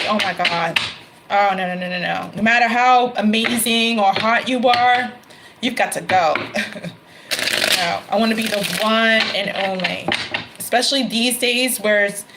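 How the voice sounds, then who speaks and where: A woman gives a casual tarot reading in a mid-range voice. She talks in a chatty, loose way, laughing often and correcting herself mid-sentence. Card shuffling and clicks can be heard clearly behind her. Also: mid-range voice, very noisy. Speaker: tarot reader.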